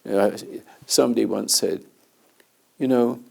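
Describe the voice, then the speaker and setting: A man's voice: on the low side, fairly even intonation, measured pace, vocal fry. A man hosting a conversation as a spiritual teacher, telling rambling anecdotes with chuckles along the way. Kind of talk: storytelling in conversation.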